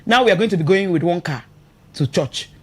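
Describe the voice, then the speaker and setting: Speaking in a fairly low, slightly rough voice at a somewhat quick pace, this Nigerian-accented woman runs a radio program on marriage from a studio. Her delivery is lively and emotional, punctuated by frequent laughter and the question "you understand?"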